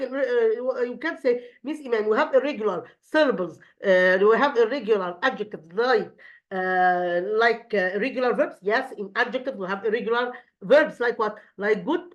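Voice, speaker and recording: Egyptian-accented woman, english teacher, fairly high voice, muffled dull recording. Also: moderate pace. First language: Arabic. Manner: many fillers and restarts, non-native phrasing. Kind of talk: grammar lesson for children.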